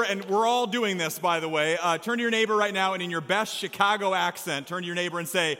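Bright, high-voiced energetic preacher man. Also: quick pace, few pauses. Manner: energetic, playful, emphatic preaching. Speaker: pastor. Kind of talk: sermon. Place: church stage before a congregation. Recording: long reverb of a large hall.

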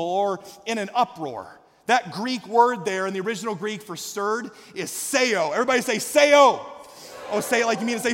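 A man with a very high voice preaching from a church stage, his words ringing out in a long reverb. He builds with fervor, often shouting and calling on the congregation to answer back. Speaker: pastor. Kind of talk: sermon. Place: church sanctuary.

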